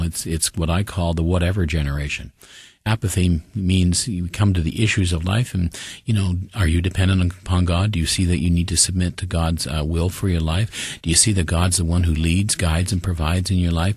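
A man preaching a sermon, emphatic, with slow deliberate pauses and sudden rises in pitch. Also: a little mellow, husky, no room sound, studio quality.

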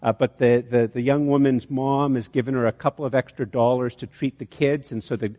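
A man's voice: medium pitch, steady tone, a little fast, mellow, highs cut off. Man preaching in a reverberant hall. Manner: storytelling, repeats words on restarts. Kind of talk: sermon with a story.

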